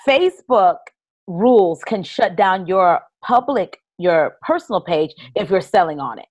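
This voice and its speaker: A woman guest giving energetic, coaching advice in an interview. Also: lowish voice, a little slow, breathy edge. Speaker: guest, live video strategist.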